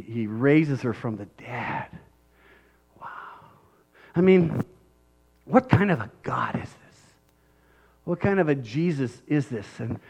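A male pastor giving a conversational, animated sermon, often checking in with tag questions and acting out scenes. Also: a little high, highs cut off.

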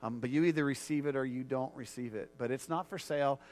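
A male pastor delivering a sermon at an ordinary middle pitch. He talks earnestly, repeating his points and often restarting his sentences. He moves into leading a heartfelt prayer. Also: fast, darkish tone. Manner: earnest, repetitive, frequent restarts.

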